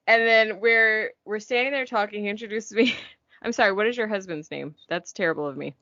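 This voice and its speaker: Chatty woman host, bright voice, dry muffled recording. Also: medium pitch, fairly quick, dry recording. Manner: excited, chatty storytelling, many "like"s. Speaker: podcast host. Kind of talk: casual podcast chat. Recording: dry, dull lo-fi sound.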